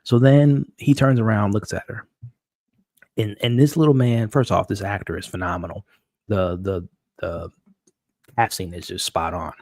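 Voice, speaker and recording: A man hosting a live-stream recap of a TV episode, talking excitably and stumbling over repeated words as he restarts his sentences. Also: fairly low pitch, normal speed, long pauses, no echo. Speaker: show host. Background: dog.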